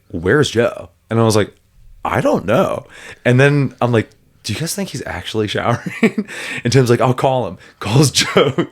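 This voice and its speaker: A man who coaches fighters, co-hosting a podcast and telling a story with animated energy and frequent laughter. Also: medium pitch. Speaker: MMA coach and podcast co-host. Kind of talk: casual podcast chat.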